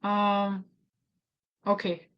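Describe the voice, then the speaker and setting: A woman's voice: medium pitch, little pitch movement, extremely slow, muffled recording. A woman with an Ethiopian accent, a native Amharic speaker, hosting a casual screen-recorded tutorial, thinking aloud and getting flustered with herself. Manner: thinking aloud, self-deprecating, easily flustered. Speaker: activist tutorial host.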